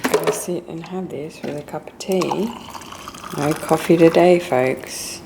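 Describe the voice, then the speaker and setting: A woman's voice: low-pitched, measured pace, gravelly, warm tone. A tired, weak-sounding young Australian woman chatting straight to her viewers in a casual daily vlog, recorded on a handheld camera. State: tired and weak after illness. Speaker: vlogger. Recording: noisy handheld vlog audio.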